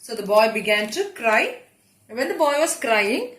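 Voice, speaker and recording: A woman's voice: fairly high pitch, lively intonation, normal speed, fairly bright tone. A woman teacher with a Tamil accent telling a story to children, chatty and asking them questions. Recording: echoey room.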